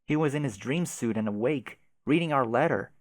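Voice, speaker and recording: Man playing a gentle coaxing companion. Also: medium pitch, a little fast, no echo, natural voice. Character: patient companion urging a grieving girl.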